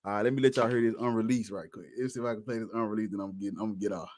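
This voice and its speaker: A man's voice: lowish voice, steady tone, racing, darkish tone, faint music behind. A rapper talking bluntly and profanely over his own beat, picking apart the flow of his verses. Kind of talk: casual commentary over his music. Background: faint hip hop beat.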